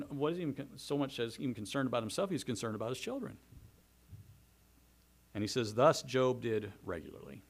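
A man preaching a sermon, reading scripture aloud and commenting, swinging between soft asides and loud, fervent passages. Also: medium pitch.

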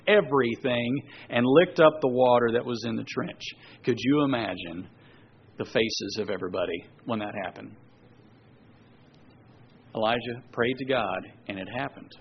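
Husky-voiced man preaching, dull lo-fi sound. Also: medium pitch. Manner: reads passages aloud, then breaks off into conversational asides. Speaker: pastor. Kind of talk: sermon reading scripture with commentary.

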